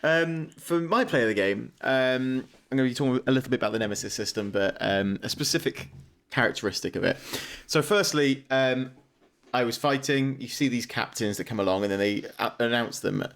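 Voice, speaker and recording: A man's voice: mid-range voice, brisk. A man co-hosting a gaming podcast, telling stories casually with plenty of swearing and laughter. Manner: animated, swearing, laughing storyteller. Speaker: podcast co-host.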